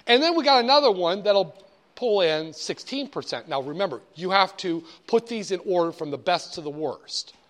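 Slightly high-voiced man telling a story. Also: expressive, normal speed, a bit bright. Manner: conversational, digressive storytelling. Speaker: instructor. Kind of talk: storytelling lecture.

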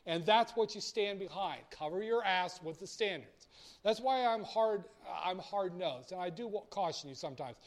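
A man lecturing on finance in a blunt, theatrical way, acting out little dialogues. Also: high voice. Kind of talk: recorded lecture.

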